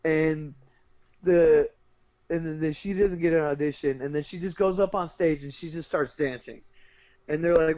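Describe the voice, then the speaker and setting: Laughing as he goes, a man recounts a movie plot to his podcast co-host in a loose, profane, animated chat. His voice is fairly high for a man and his pace moderate, and the sound is dry and dull, like a lo-fi mic with no room in it.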